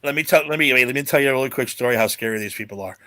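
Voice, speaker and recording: A man's voice: mid-range voice, racing, noisy background. A man hosting a casual podcast chat, telling a long rambling story with restarts and swearing. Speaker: podcast host.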